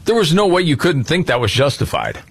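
A man's voice: on the high side, wildly swooping pitch, a little fast, gravelly, breathy edge. A man hosting a casual political talk show, speaking in a blunt, indignant way. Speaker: podcast host.

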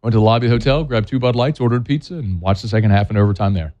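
A man's voice: lowish voice, very fast, warm tone, lo-fi sound. A man hosting a sports talk show, giving blunt, scolding opinions in a plainspoken way. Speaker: sports talk radio host.

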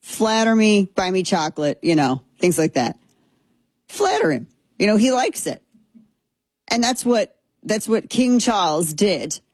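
A woman's voice: mid-range voice, animated, a little slow, darkish tone, husky, no echo. A woman hosting a casual political commentary show, talking conversationally with restarts, asides and a wry tone.

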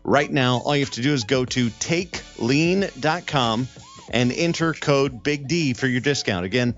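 A man hosting a radio show, doing an upbeat live ad read and then joking with his co-hosts. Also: moderate pace. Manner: upbeat sales pitch, spells out promo code. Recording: muffled radio broadcast with faint music.

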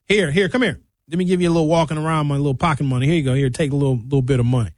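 A man's voice: on the high side, rapid-fire, no echo, studio quality, close to an everyday voice. A man voicing a fussing mother who presses pocket money on her son. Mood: coaxing. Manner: fussing, coaxing.

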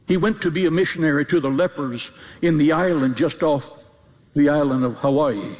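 A man preaching a sermon as a pastor, emphatic, with repeated phrases and sudden high cries. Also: moderate pace, a little mellow. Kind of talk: fiery sermon. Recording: long hall reverb.

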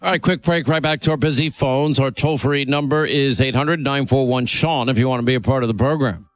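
A man from Long Island hosting a call-in radio show, greeting callers briskly and keeping things moving. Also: mid-range voice. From Long Island, New York. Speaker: radio talk show host. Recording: dry studio sound.

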